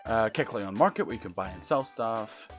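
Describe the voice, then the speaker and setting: A man's voice: lowish voice, expressive, moderate pace, fairly bright tone, soft background music. A man giving casual let's-play commentary and reading game dialogue aloud, jokey, with profane asides.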